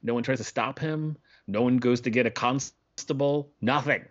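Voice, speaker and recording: An excitable man co-hosting a podcast, swearing freely and rambling through his thoughts. His voice sits at an average pitch. The sound is dull and lo-fi. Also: normal speed, a little hiss or hum. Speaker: podcast co-host. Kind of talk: casual chat.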